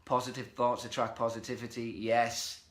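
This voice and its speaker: A man's voice: mid-range voice, flat delivery, normal speed, a bit bright, reverberant. A man hosting a motivational live stream from home, talking energetically and reading out viewer comments. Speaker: host. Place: indoors at home. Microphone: webcam or phone.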